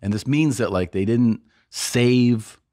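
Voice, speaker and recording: A man's voice: mid-range voice, slow pace, warm tone, dry recording, clean studio sound. A man on a podcast, casually telling a long story, acting out other people's lines and laughing often. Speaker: podcast co-host and comedian.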